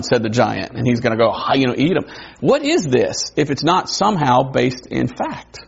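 A man preaching a sermon in a conversational way, wondering aloud and adding quick asides. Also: medium pitch, sing-song, vocal fry, breathy edge. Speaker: pastor. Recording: dull lo-fi recording.

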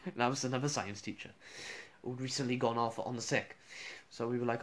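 A man's voice: mid-range voice, steady tone, brisk, background noise. A man, a radio presenter, casually rambling through funny school anecdotes with restarts and chuckles.

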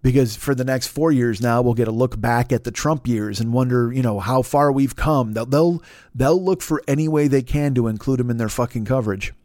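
A man hosting a podcast, ranting in a loud, profane, mocking way and acting out other people's voices. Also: medium pitch, a little fast, no room sound, studio quality. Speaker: podcast host. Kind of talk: profane political rant.

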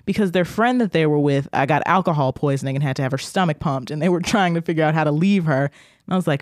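A man co-hosting a podcast, telling a long anecdote in a casual, animated way with lots of "like" fillers. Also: fairly high pitch, fast, no room sound, studio quality. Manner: animated storyteller, heavy filler "like". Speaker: podcast co-host. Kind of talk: casual chat.

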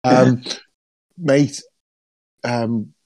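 A man's voice: mid-range voice, steady tone, very slow, warm tone, no echo. A man hosting a casual podcast, teasing his co-hosts with jokey banter. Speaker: podcast host.

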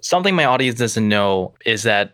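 A man's voice: on the low side, animated, normal speed, bright, forceful tone, no room sound, studio quality. A man hosting a podcast, asking his guest curious, encouraging questions in a casual interview. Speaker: podcast host.

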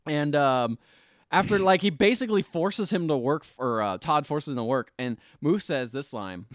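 A young man with a fairly high voice, recapping a film in a loose, animated way. His pitch swings widely as he acts out scenes, and the sound is close and dry with no room around it. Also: moderate pace, no room sound. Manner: animated, quotes movie lines in put-on voices. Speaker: podcast co-host. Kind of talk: casual movie-recap chat.

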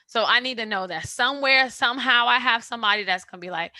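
A woman's voice: on the high side, fast talker, few pauses, no echo. A woman co-hosting a casual chat, emphatic and slangy, telling stories with lots of energy. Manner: emphatic, slangy, animated storytelling.

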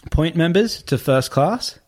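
A man, a podcast guest telling a story in a casual, animated way, often swearing and repeating himself. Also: fairly high pitch, a little slow. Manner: animated, repetitive, swears freely.

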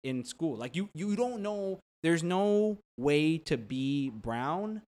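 A young adult man co-hosting a casual chat; he rambles, fills his talk with "like," and slips into quick impressions. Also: on the high side. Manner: rambling, heavy use of "like" fillers; animated, drops into quick voice impressions.

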